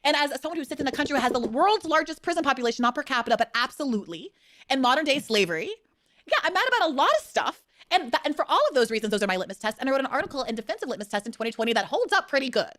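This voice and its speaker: A woman's voice: high voice, big pitch swings, rapid-fire, fairly bright tone. A woman arguing in a heated political debate, talking in a passionate, emphatic way.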